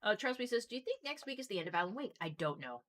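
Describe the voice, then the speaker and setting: A woman hosting a casual stream, chatting quickly and reading out viewer messages. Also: fairly high pitch, sing-song. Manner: quick, bubbly, reads chat messages aloud. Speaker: streamer and host. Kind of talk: casual chat while reading live chat.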